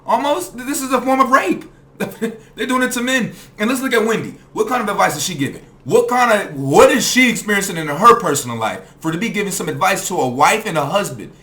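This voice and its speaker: A man rants into his mic for his reaction channel, heated and fired up, cursing as he goes. His voice sits high and rings bright. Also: lively intonation, fast, hardly any pauses. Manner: heated, ranting, swears freely. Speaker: commentary channel host. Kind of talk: reaction commentary.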